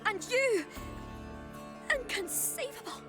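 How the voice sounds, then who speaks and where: A woman's voice: very high voice, expressive, takes it slowly, exaggerated voice. An actress voicing an indignant, stern woman who scolds the intruders for wrecking her sacred garden. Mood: outraged. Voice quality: cold, scolding. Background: game music.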